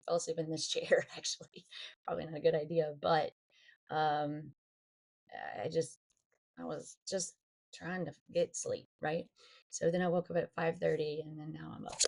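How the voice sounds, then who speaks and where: Woman rambling thru a vlog update, low gravelly voice, lots of ums. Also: warm tone. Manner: rambling, full of fillers and restarts. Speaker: vlogger. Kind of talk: casual personal update.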